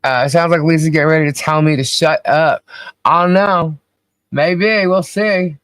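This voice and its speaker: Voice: mid-range voice, steady tone, normal speed, a bit bright, dry recording. A podcast co-host chatting casually on a livestream, cheerfully calling out viewers' names and laughing often.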